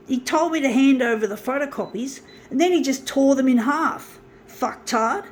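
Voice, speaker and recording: A woman's voice: high voice, animated, moderate pace, few pauses. A woman talking to her viewers in a casual monologue, blunt and profane, bitter and aggrieved, rambling with many restarts.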